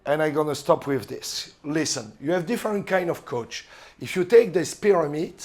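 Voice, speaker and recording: A middle-aged man with a French accent, a volleyball coach lecturing other coaches, halting and searching for words with many fillers. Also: on the high side, lively intonation, a little mellow. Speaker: volleyball coach giving a seminar talk.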